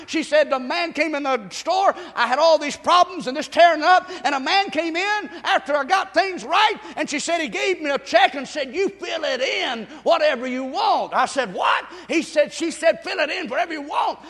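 Pastor man preaching in a church, really high voice, big hall echo, shouts then goes soft. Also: animated, brisk, hardly any pauses. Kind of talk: sermon. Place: church sanctuary. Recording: long reverb of a large hall.

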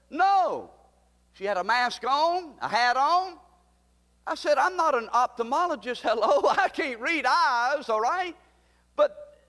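An older man, preaching a sermon, swinging from loud high calls down to low hushed lines as he quotes scripture. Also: big-room sound.

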